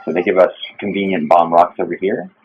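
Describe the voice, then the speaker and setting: A man commentating while playing a video game, relaxed and matter-of-fact with dry quips. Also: low-pitched, brisk, background noise. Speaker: let's play commentator and player. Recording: muffled lo-fi mic.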